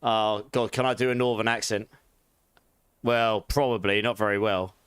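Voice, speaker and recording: A man's voice: fairly low pitch, normal speed, clean tone, dry recording. A man from England with a London and Essex accent touched with posh, chatting casually and answering his chat during a live game stream. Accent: London and Essex English with a posh touch. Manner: chatty, relaxed, reads and answers chat, laughs often.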